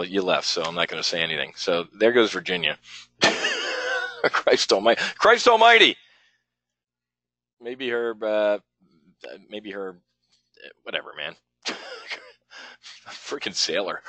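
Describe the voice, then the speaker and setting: A man's voice: low voice, bright, forceful tone, no echo, low-quality recording. A man running a live options trading webinar, talking bluntly and rambling with some profanity as he works through trades on screen.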